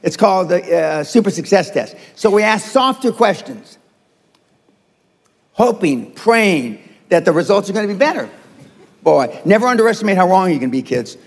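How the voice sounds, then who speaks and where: A high-pitched, gravelly older man lectures a seminar crowd, blunt and profane, jabbing at the audience. His voice rings out in a reverberant live hall. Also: very animated, moderate pace. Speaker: seminar speaker. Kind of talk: motivational seminar talk.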